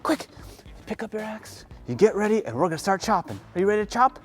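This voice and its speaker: A woman leading a children's yoga lesson through a story, animated and playful, gasping with excitement. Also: medium pitch, fast, faint music behind. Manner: animated, playful, lots of gasps. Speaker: kids' yoga teacher.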